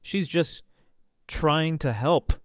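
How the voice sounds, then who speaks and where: A man reads out a weak, torn husband for a storybook, small and brittle in the voice, hesitating and wavering, pitched higher than the narration. The recording is dry. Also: lively intonation, slow, dry recording. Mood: pleading.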